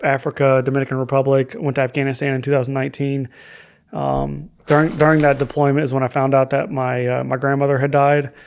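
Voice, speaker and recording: Flat, gravelly-voiced man telling his story. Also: mid-range voice. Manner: candid and reflective, with hesitant fillers. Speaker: podcast guest. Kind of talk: personal story in a podcast conversation.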